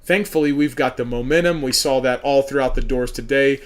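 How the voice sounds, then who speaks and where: A man's voice: mid-range voice, a little fast. A man from Oklahoma, a political candidate hosting his own show, giving an emphatic campaign monologue that hammers the same points over and over.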